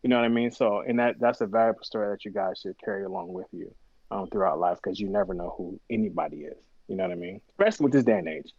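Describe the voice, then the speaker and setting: A man's voice: on the low side, fast talker, vocal fry, no room sound, dull audio. A man guest on a podcast, telling stories in a casual way, acting out the voices of the people in them and swearing freely. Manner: animated storyteller acting out quoted dialogue, swears freely. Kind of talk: casual storytelling interview.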